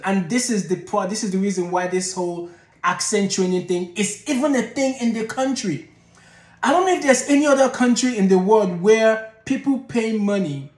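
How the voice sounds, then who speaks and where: A man with a notably high voice gives his opinions to the camera in a commentary vlog. He talks emphatically and often catches himself mid-sentence to rephrase. The room around him is roomy and echoey. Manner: emphatic, reframes and restarts mid-thought. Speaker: channel host.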